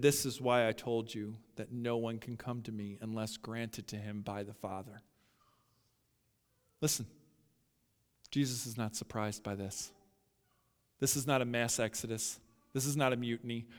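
A male pastor preaching a sermon, emphatic and building to loud peaks as he talks straight to his listeners. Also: mid-range voice, big-room sound.

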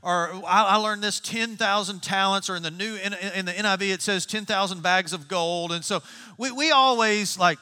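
A man preaching in a casual, storytelling way, his voice high and bright. He restarts phrases often as he talks. The sound carries a long reverb from a big hall. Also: moderate pace, clear, resonant tone. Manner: conversational, animated storytelling with restarts. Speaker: pastor. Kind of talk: sermon.

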